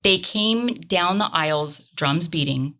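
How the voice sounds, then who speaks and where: A woman with a slightly low voice co-hosts a casual podcast chat. She tells the story with earnest energy, her pitch rising and falling as she speaks. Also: animated, slow pace, bright, forceful tone. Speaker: podcast co-host. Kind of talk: casual conversation, reading a transcript aloud.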